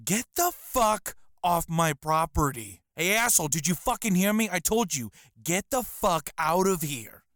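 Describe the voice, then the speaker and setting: A man voicing an angry, hostile store clerk for a video game mod, yelling at a customer. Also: high voice, animated, normal speed, no room sound, clean studio sound, voice pushed up. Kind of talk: video game voice acting sample.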